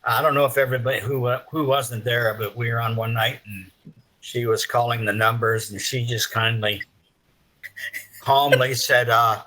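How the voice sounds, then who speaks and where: A man's voice: mid-range voice, moderate pace, rough recording. A man hosting a live video call, chatting casually and telling teasing stories about his guests. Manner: lively storyteller who teases guests. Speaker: livestream host.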